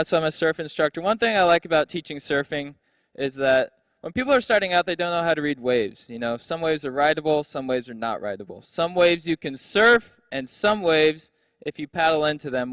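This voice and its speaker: A young male comedian performing stand-up into a handheld mic, brash and profane as he mocks himself. His voice sits a bit high for a man. The sound is close and dry. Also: fairly bright tone, dry recording. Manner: brash, profane, self-mocking. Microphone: handheld stage mic.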